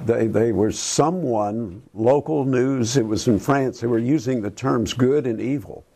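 An older man hosting a Christian talk show, earnest and preachy, talking in halting phrases with many restarts. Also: medium pitch, dark tone. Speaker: Christian radio host. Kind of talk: casual talk about current events.

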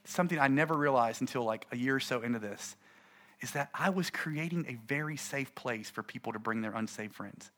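A middle-aged man, a pastor, gives an animated, conversational talk to fellow preachers and acts out his stories. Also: mid-range voice, brisk.

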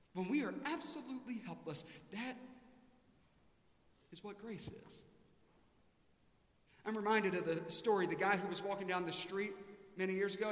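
A man preaching a sermon, telling a story with sudden loud high bursts and quiet soft drops for emphasis. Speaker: pastor. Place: large church sanctuary. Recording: echoey church hall.

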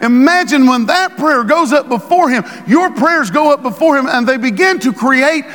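A man preaching a sermon as pastor, building to shouted emphasis and quoting scripture. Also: very high voice, lively intonation, moderate pace, hardly any pauses, big-room sound. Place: church sanctuary.

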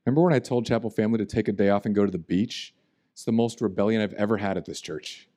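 A man preaching a sermon as pastor, animated and jokey, swinging between loud and quiet. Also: on the low side, rapid-fire. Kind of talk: humorous sermon.

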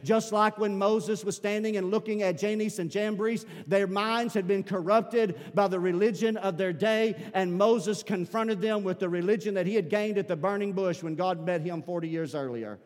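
Male pastor, sermon, high voice, long church reverb. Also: normal speed, hardly any pauses, darkish tone. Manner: preaching with rising emphasis, repeated calls to the congregation.

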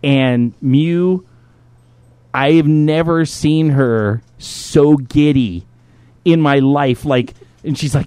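A man hosts a podcast, telling a personal story in casual conversation while cursing freely and acting out other people's lines. He's an adult and a parent, profane and animated, slipping into impressions as he goes. His medium-pitched voice is clear and resonant, unhurried, recorded with no echo.

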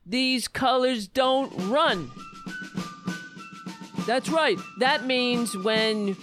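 A woman's voice: on the high side, drawn-out words, music in the background. A woman voicing a blustering, flag-waving American patriot man with a New York accent, in a satirical comedy monologue. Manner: shouty, pompous, preachy.

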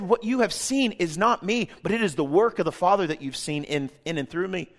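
A man preaching a sermon. He swings from loud, emphatic passages to hushed, intimate ones and acts out quoted voices in a casual, joking way. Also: sits high, fairly quick, few pauses. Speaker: pastor.

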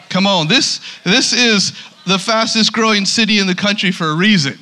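A man's voice: high-pitched, moderate pace, sharp tone. A man preaching a sermon as pastor, emphatic, often repeating words as he starts a sentence.

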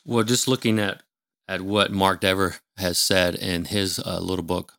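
Man, deep voice, gravelly fry, measured explanatory podcast talk, dry studio sound. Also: flat delivery, a bit bright, dry recording. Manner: measured, explanatory, with filler words and restarts. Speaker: ministry leader and guest. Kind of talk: conversational teaching on scripture. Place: small studio room.

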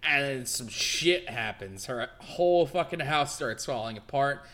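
A man's voice: medium pitch, animated, measured pace, a bit bright. A man chatting casually while reading a comic, laid-back and swearing freely. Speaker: co-host. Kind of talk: casual chat.

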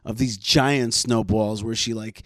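A man's voice: lowish voice, steady tone, a little slow, a bit bright, dry recording. A man hosting a talk show, chatting casually with his co-host and often restarting his sentences. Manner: chatty, with frequent restarts and fillers. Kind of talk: casual co-hosted radio chat.

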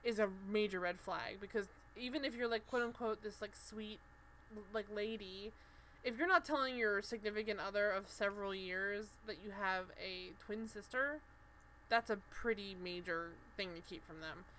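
A woman co-hosts a podcast recap of a TV show, her medium-pitched voice sharp in tone at a normal speed, with slight background noise. She's casual and animated, leans on fillers, and acts out the characters.

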